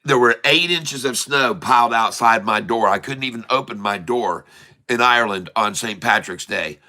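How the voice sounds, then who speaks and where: A man hosting a casual livestream, chatting warmly and reading out where viewers are from. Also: medium pitch, normal speed. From Michigan. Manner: chatty, reads out viewers' locations. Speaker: livestream host.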